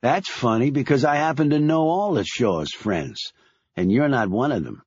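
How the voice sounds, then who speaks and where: A man voicing an older bald security chief who questions calmly and probingly. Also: mid-range voice, normal speed, slightly rough, dry recording, highs cut off, voice pushed up. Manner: calm, probing.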